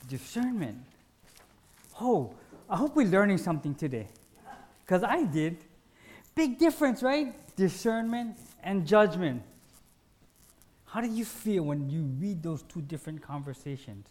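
His voice sits high and his delivery is unhurried, broken by frequent pauses. The man gives a relaxed spiritual teaching, self-deprecating and lively, dramatizing routine scenes in short, snappy phrases.

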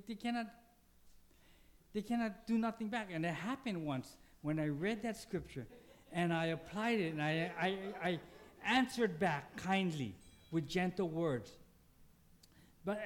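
A man, a pastor, preaching a conversational sermon, asking the congregation questions and acting out little quoted exchanges with sudden jumps in his voice. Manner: dynamic, acts out quotes with big pitch jumps.

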